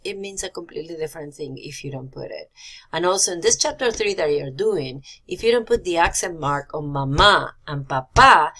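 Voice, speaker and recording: A woman teacher walks through corrections on student writing, repeating the key points so they stick. Her voice sits a little low for a woman, and she slips phrases in among her English explanations. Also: a bit bright. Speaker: Spanish teacher. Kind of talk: recorded feedback on student compositions.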